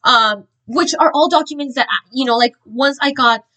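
A woman earnestly sharing a religious testimony, telling her story in an animated, informal way with frequent fillers and restarts. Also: high voice, normal speed, rough recording.

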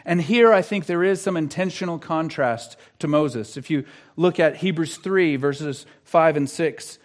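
A man preaching a sermon as pastor, earnest, moving between quiet questions and emphatic declarations. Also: a little high, measured pace. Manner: earnest, shifts from hushed to emphatic.

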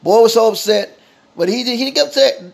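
A man with a very high voice tells a homespun story off the cuff. His tone is gravelly and a little husky. He stumbles and repeats himself as he goes, restarting lines often. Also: darkish tone. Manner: halting, repetitive telling with frequent restarts. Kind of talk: improvised spoken storytelling.

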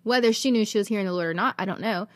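A woman's voice: medium pitch, rapid-fire, dry recording. A woman, hosting a podcast and telling a personal faith testimony in an earnest, emotional, rambling way. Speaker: podcast host.

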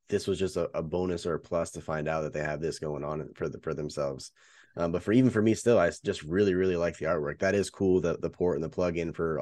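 A man co-hosting a podcast, joking and relaxed in casual chat. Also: deep voice, dry recording. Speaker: podcast co-host.

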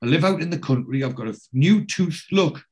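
A man hosting a casual podcast, retelling a TV episode scene by scene and quoting the characters' lines, with a steady "he says" between quotes. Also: a little high, a little fast. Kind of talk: casual chat recapping a TV episode.

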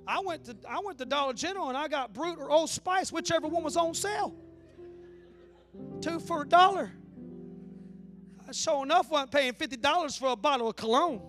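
A man's voice: very high-pitched, moderate pace, pauses often, fairly bright tone, soft background music. A man, preaching a sermon in a folksy, joking storytelling way. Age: 40s. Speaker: pastor. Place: church.

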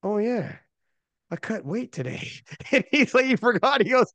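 A man hosting a podcast, telling stories in animated, profane casual chat on a close mic. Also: sits high, moderate pace, dry recording. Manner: animated storyteller, loose and profane. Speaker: podcast host.

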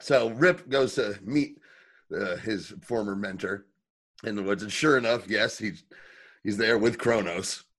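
A man co-hosting a podcast in casual chat, recapping scenes in a profane, animated way. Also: lowish voice, measured pace. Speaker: podcast co-host.

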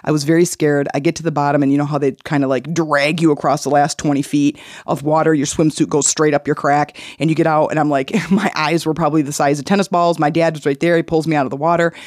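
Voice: medium pitch, fast, hardly any pauses, dry recording. Dry-voiced podcast host telling a story. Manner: animated, acts out quoted voices. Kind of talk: personal storytelling.

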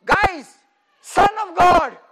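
A preacher putting on the voice of a dim male devil who loudly and excitedly realizes something. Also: very high voice, drawn-out words, pitched above the performer's own voice, exaggerated voice. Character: gleeful, dim male devil suddenly catching on.

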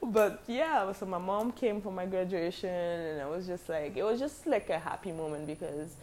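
Young woman, low-pitched voice, casual animated storytelling, slangy, faint background hiss. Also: moderate pace. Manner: animated, acts out quoted dialogue, slangy.

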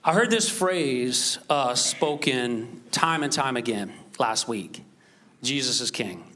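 A man's voice: mid-range voice, expressive, slow pace, pushed and bright, slight background noise. A man preaching a sermon, reading scripture with rising emphasis and talking conversationally to the congregation. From United States. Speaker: pastor.

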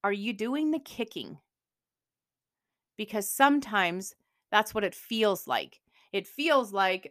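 A woman hosting a motivational podcast, talking in an energetic, emphatic coaching manner. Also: mid-range voice, measured pace, no echo, clean studio sound. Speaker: podcast host.

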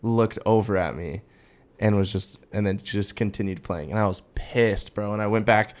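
Talking at normal speed in a fairly low voice, this young man co-hosts a laid-back podcast. He launches into a lengthy, rambling story loaded with filler words.

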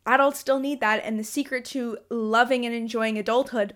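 A woman's voice: a little high, fairly even intonation, normal speed, hardly any pauses, a bit bright. A young woman in her twenties hosting a casual solo podcast from her bedroom, bubbly and rambling, with lots of fillers and bursts of laughter. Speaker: podcast host.

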